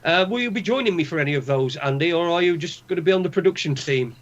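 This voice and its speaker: High-voiced ranting northern man. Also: animated, fast talker. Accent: Northern English. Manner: profane, opinionated ranting. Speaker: podcast co-host. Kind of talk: casual chat. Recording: dull lo-fi sound.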